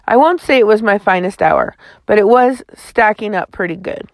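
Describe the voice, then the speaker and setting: A woman's voice: medium pitch, normal speed, hardly any pauses, no echo. A woman reading a chapter book aloud in a folksy first-person storytelling manner, close to the mic. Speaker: audiobook narrator.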